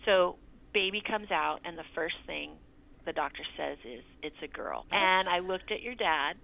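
Woman, middle-aged, somewhat low pitch, gravelly, earnest storytelling, acts out dialogue, muffled lo-fi recording. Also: moderate pace, bright, forceful tone. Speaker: mother recounting a birth story. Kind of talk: personal storytelling to her grown child.

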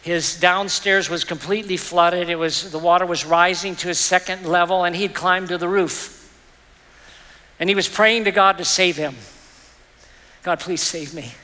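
A man's voice: high-pitched, fairly even intonation, normal speed, bright, forceful tone. A middle-aged man preaching a sermon as pastor, earnest and personal, telling stories to make his point. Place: church. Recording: reverberant church hall.

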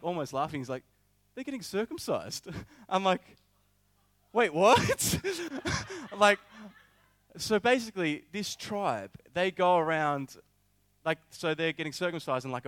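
A young man preaching a sermon, telling a personal story in an animated way with many filler words. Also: fairly high pitch, fairly quick, clear, resonant tone, no echo.

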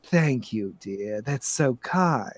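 A man voicing a sly old sorceress grandmother with sharp teeth, speaking softly and drawing out her words. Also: medium pitch, expressive, takes it slowly, no room sound, voice pushed down. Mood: silky menace.

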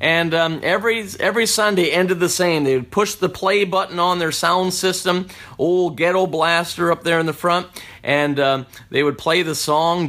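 A man giving a personal conversion testimony in a reflective, unhurried way, often restarting his sentences. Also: on the high side, a bit bright.

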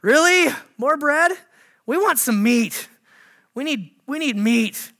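A preacher doing whiny, griping wilderness wanderers. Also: male voice, very high voice, expressive, pushed and bright, pitched above the performer's own voice, exaggerated voice. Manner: whining, drawn-out griping. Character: whiny, hungry, complaining wandering Israelites.

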